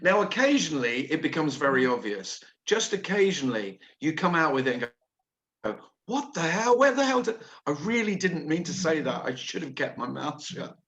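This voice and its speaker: A man's voice: on the high side, animated, normal speed, a bit bright, lo-fi sound. A man from England hosting a casual nonduality video call, candid, playful and laughing often. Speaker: host of a nonduality meeting.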